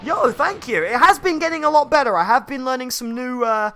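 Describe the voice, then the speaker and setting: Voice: high voice, lively intonation, brisk, sharp tone, slight background noise. A game streamer, giving casual live gameplay commentary, explaining and greeting viewers in chat.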